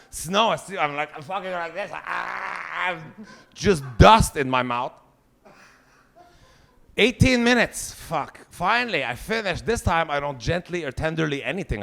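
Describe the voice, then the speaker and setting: Gravelly comic in his forties. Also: on the high side, fairly bright tone. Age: 40s. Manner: crude, self-mocking storytelling with French swear words. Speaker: stand-up comedian. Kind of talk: live stand-up comedy.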